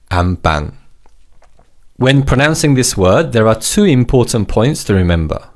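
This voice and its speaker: A man teaching a language lesson in a clear, encouraging way, modelling words for the listener to repeat. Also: on the low side, sing-song, normal speed.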